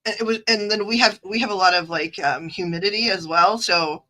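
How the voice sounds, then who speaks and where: A woman's voice: mid-range voice, a little fast, pushed and bright, low-quality recording. A woman with a Midwestern accent, hosting a livestream as a card reader, chatty and digressive as she reads the chat aloud. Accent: Midwestern American. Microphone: phone.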